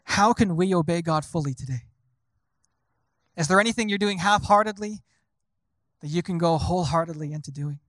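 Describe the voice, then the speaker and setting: A man's voice: fairly high pitch, normal speed, pauses often, fairly bright tone, no room sound. A male pastor preaching a sermon, asking the congregation rhetorical questions.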